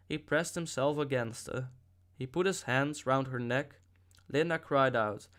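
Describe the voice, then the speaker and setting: A man narrating a novel as an audiobook reader, with a steady storytelling delivery and occasional slips. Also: medium pitch, unhurried.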